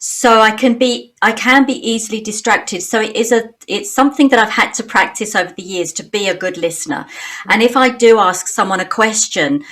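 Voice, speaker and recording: A woman's voice: mid-range voice, a little fast, fairly bright tone. Chatty British woman with an Australian twang. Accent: British English with a slight Australian twang. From Britain. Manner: chatty, laughs often. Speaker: guest. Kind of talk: casual interview chat.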